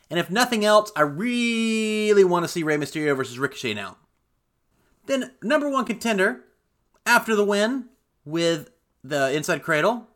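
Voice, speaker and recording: Animated male recapper, slightly high, casual and excitable. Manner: animated, building excitement on big moments. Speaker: wrestling show recapper.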